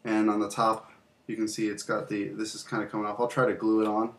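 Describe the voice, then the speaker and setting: A man's voice: fairly low pitch, flat delivery, fast, a bit bright. A young man hosting a casual video, showing off games from his collection in a loose, rambling way with fillers and some mild swearing. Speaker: channel host. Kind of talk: casual game collection show-and-tell.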